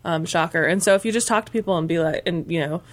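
A woman's voice: on the low side, fast talker. A woman co-hosting a podcast, chatting casually with fillers and restarts. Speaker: podcast co-host. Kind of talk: casual chat.

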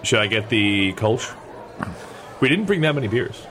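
Low-voiced hesitant male guest. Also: very animated, moderate pace, a bit bright. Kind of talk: casual chat.

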